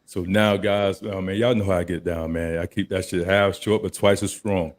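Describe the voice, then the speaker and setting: A very deep-voiced man hosts a stream in a relaxed, easygoing way. His talk is loose, casual and salted with swearing. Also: normal speed. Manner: laid-back and profane. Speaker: host.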